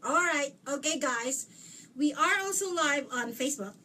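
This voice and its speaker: A woman's voice: high-pitched, animated, normal speed, bright, forceful tone. A middle-aged woman hosting a live chat show interview, bubbly and joking, laughing often. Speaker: talk show host. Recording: distant mic, faint background noise.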